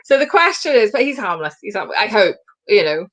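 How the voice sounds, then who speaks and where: A woman co-hosting a casual chat show over a video call, quick and joking. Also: medium pitch, very animated, fairly bright tone.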